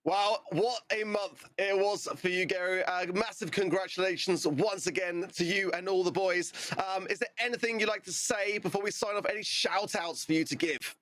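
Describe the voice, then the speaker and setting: A man's voice: high voice, fairly even intonation, normal speed, few pauses, fairly bright tone, dry recording. A British man hosting an esports broadcast, upbeat and jokey as he interviews players and talks through standings. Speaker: esports host and caster.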